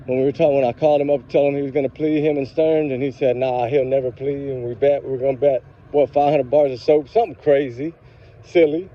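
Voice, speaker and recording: A man's voice: mid-range voice, steady tone, fast talker, lo-fi sound. A man hosting a true crime channel, ranting angrily to his viewers while walking around a grocery store parking lot. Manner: angry, fired up, talks straight to viewers. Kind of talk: casual ranting vlog to viewers.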